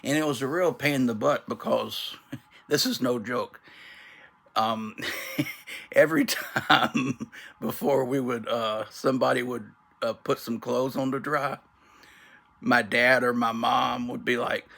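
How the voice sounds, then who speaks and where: A man's voice: mid-range voice, fairly even intonation, measured pace, creaky, pushed and bright. A man hosting a casual comedic vlog from his bedroom, rambling through a story, mocking himself and laughing at his own jokes. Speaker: channel host.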